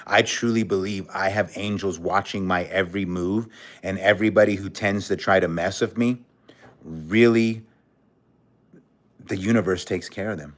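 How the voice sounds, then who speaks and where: A man's voice: deep voice, fairly even intonation, moderate pace. A man hosting a casual livestream, reading out viewer comments and talking bluntly and candidly, cursing freely and speaking with emotion. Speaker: livestream host.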